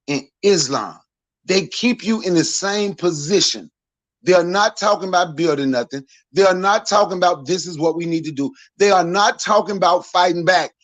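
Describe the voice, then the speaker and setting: A man's voice: high-pitched, a bit bright, no echo. A man in his forties speaking as a podcast panelist in a blunt, profane, heated rant.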